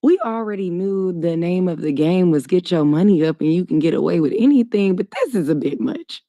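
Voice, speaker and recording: A woman on a discussion panel, talking casually in an animated, sarcastic and emphatic way. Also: lowish voice, fairly quick, dry recording. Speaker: debate panelist.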